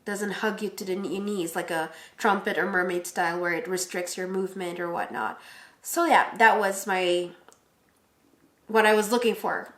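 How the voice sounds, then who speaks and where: A young woman casually telling her story of shopping for a wedding dress, animated, acting out quotes in a higher voice. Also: moderate pace, reverberant.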